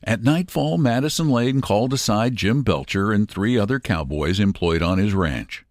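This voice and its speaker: Brief: male narrator, expressive storybook reading, lively intonation, dry close mic. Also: fairly low pitch, normal speed, no room sound.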